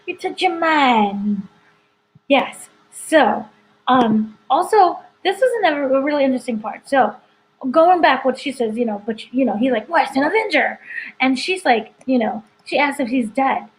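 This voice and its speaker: A high-voiced woman editor talks through a spoiler review of a TV episode at a normal pace, rambling casually with plenty of "like" and "you know." The recording is low in quality.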